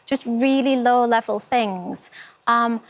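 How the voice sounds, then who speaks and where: Earnest higher-voiced woman guest. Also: takes it slowly. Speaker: interview guest. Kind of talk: studio TV interview.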